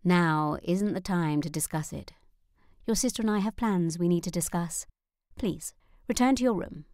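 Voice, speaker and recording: A woman voicing a gentle but determined middle-aged mother in an audiobook, speaking calmly and firmly. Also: on the low side, normal speed, dry recording, studio quality, close to an everyday voice. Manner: calm, soothing, firm.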